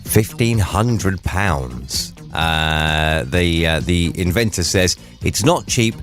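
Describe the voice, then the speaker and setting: Man, radio host, deep voice, chatty and jokey. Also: lively intonation, slow pace, fairly bright tone, soft background music. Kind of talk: casual talk radio.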